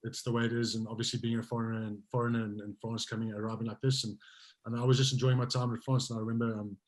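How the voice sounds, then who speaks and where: A man chats as a podcast guest and recalls his playing days. He talks at a brisk clip, easy and rambling, restarting sentences as he goes. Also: medium pitch, poor audio. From South Africa. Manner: relaxed storytelling, many fillers and restarts. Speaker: guest, former rugby player. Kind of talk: casual interview chat.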